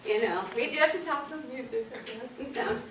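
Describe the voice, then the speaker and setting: Woman, librarian, casual workshop talk, chatty with fillers, bright voice, echoey room, distant mic. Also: on the high side, a little fast, slight background noise. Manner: chatty, animated, lots of fillers like "um" and "like". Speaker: children's librarian presenting at a workshop. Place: meeting room at a public library.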